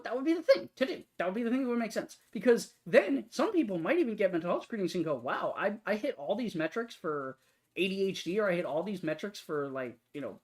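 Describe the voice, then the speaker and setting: A man ranting casually to camera at home, swearing often, tagging sentences with "right?" and jumping up in pitch when worked up. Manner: profane, repetitive "right?" tags, animated pitch jumps. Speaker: YouTube commentator. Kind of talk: ranting commentary. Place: home, late at night.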